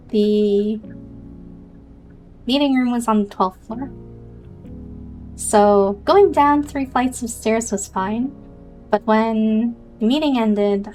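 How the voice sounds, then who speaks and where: A woman's voice: a little high, a little mellow, low-quality recording. A young woman streamer chatting casually and rambling through a long story. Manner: rambling, laughs often. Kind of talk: casual chat and reading aloud.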